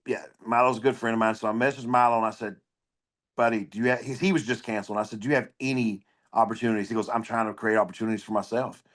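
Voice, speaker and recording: A man's voice: on the low side, quick pace. A man, a comedian, talking as a podcast guest, telling blunt, profane stories in casual conversation. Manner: blunt, profane, animated storyteller. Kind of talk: casual storytelling interview.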